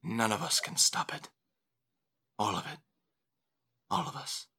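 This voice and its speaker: A cryptic old woman teacher, as a man puts her on, speaking low and hushed with menace. The voice is bright and forward, a touch high for a man. It belongs to a spoken tabletop game session. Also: unhurried, husky, exaggerated voice. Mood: ominous.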